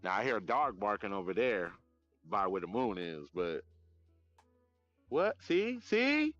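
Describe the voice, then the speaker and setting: Animated, cussing man streaming outdoors. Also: on the low side, unhurried, lo-fi sound, soft background music. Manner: animated, rambling and profane. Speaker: livestreamer. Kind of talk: casual live-stream chat. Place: outdoors at night. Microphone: phone.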